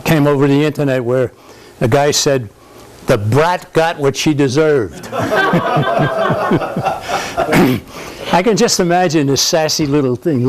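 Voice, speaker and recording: A man's voice: a little high, a little mellow, rough recording. Older man giving a rambling talk. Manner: rambling, conversational, frequent restarts and fillers. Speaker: speaker at a political society event. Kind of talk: informal speech to a live audience. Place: country club function room.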